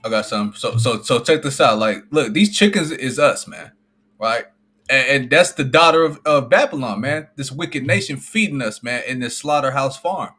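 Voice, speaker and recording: Brief: male co-host with a bright, forceful voice, reads scripture and then riffs in slang. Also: medium pitch, expressive, normal speed, slightly rough. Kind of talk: casual religious discussion.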